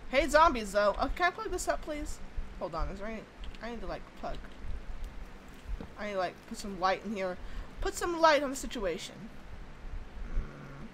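A woman's voice: medium pitch, big pitch swings, moderate pace, long pauses, a bit bright, a little hiss or hum, low-quality recording. A young woman chatting and exclaiming casually through her own game commentary, swearing now and then when annoyed. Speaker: gaming YouTuber. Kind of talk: casual let's-play commentary.

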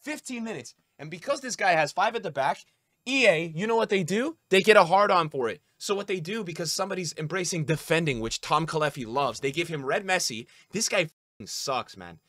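A young man commentating his own football video game on a stream, with a sore throat, grumbling low and then bursting out loud and swearing. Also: a little fast, no room sound. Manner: swings from flat grumbling to loud outbursts, swears a lot. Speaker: gaming streamer. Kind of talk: live gameplay commentary.

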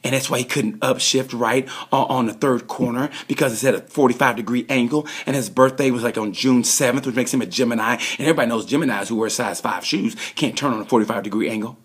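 A man giving a rambling comedic awards monologue, excitable and prone to sudden loud bursts. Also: mid-range voice, fast talker, few pauses, slightly rough. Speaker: host.

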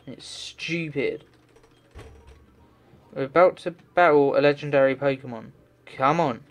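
A man's voice: mid-range voice, unhurried. A man doing game commentary, talking to himself and swearing in frustration as he plays. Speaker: let's play gamer.

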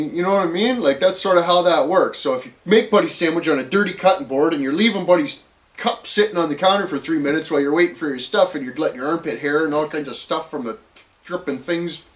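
A man's voice: a little high, fairly bright tone. Rambling, cursing guy ranting. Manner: rambling, profane, lots of fillers and restarts. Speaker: vlogger. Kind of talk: casual rant to camera.

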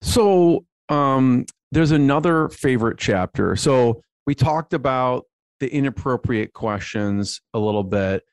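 Brief: man hosting a chat show, easygoing and a little hesitant, mid pitch, dry close mic. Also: measured pace, clean tone, dry recording. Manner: relaxed, hesitant with fillers, follow-up questions. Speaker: podcast host. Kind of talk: casual interview.

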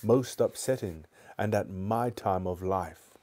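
A man voicing a nervous elderly gentleman magician who mutters fussily to himself, in a live book reading. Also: deep voice, slow pace. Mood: shaken.

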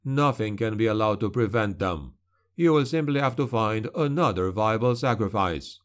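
A man voicing a calm, sinister male shadow creature for an audiobook, hissing and slow. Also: lowish voice, natural voice. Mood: cold menace.

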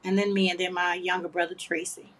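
A woman's voice: fairly low pitch, level tone, fairly quick, fairly bright tone. A woman hosting a craft livestream, chatting casually and affectionately with viewers, reading their comments aloud and laughing often.

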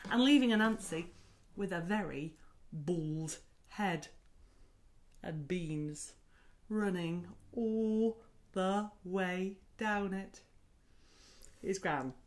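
A woman telling a story to toddlers, animated and sing-song, clapping and singing along. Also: medium pitch. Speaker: children's storyteller. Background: soft cello.

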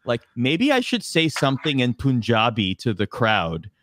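A man guest on an interview podcast, telling anecdotes with animated, lively delivery and acting out voices. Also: mid-range voice, no echo. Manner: lively, acts out voices in anecdotes, fast asides. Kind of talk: animated storytelling in casual chat.

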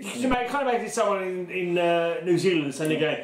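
A man's voice: high voice, expressive, fast, echoey room, a loud crowd. A man co-hosting a casual beer tasting podcast, bantering with crude jokes. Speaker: podcast co-host.

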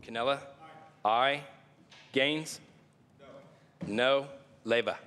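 A man working as a legislative reading clerk, calling the roll in slow, measured tones in a large chamber. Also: medium pitch, fairly bright tone, slight background noise. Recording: reverberant chamber audio.

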